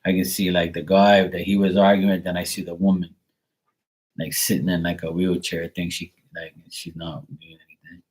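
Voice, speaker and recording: Low husky man giving a rambling reading. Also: flat delivery, moderate pace, a little mellow, poor audio. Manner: rambling, filler-heavy, casual swearing. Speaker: psychic reader. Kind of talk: live psychic reading.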